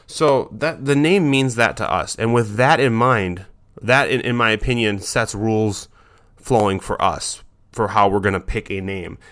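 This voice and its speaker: A man's voice: lowish voice, measured pace, a bit bright. A man hosting a dog training podcast, talking in a loose, chatty monologue with many fillers and restarts.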